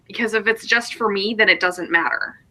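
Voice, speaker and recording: A woman's voice: mid-range voice, normal speed, sharp tone. A woman hosting a book discussion in casual chat, hesitant and searching for her words. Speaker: book club host.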